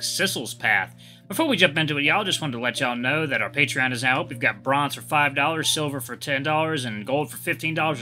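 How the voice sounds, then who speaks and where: A chatty, upbeat man hosting a let's play, reading a visual novel's narration aloud with quick reactions. His voice is very bright and forward, with faint music under it. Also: a little high.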